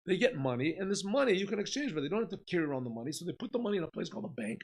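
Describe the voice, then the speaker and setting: A man's voice: sits high, racing, gravelly, low-quality recording. A man, a rabbi, lecturing on Chassidus, telling a parable with acted-out dialogues. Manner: animated storyteller, acting out dialogues.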